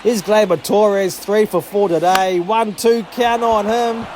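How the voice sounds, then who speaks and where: A high-voiced man calls the action of his video game like a broadcaster, swearing freely and getting worked up over every play. A steady hum of background noise sits under his voice. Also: a little slow, hardly any pauses. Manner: excitable, sweary, jokey. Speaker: gaming channel host.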